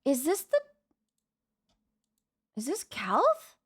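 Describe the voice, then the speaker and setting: A young woman streaming a casual live reaction, excitable, swearing and thinking aloud. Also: sits high, very slow, loud music behind the voice.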